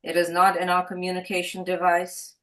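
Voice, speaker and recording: A woman's voice: fairly low pitch, completely flat delivery, a little fast, a bit bright, far from the mic, natural voice. A woman voicing a second alien spaceman, talking in a stiff, formal, robot-like way. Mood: stiff, pleading.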